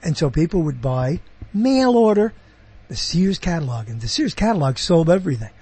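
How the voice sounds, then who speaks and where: Husky, animated male show host. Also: on the high side, moderate pace, no room sound. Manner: digressive, chatty, self-interrupting. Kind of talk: rambling casual monologue.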